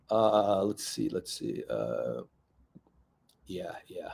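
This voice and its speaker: A man's voice: low-pitched, big pitch swings, drawn-out words, gravelly, pauses often, a little mellow, slightly rough. A man hosting a watch channel, ranting in a mocking, rambling way with lots of fillers. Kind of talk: mocking commentary rant.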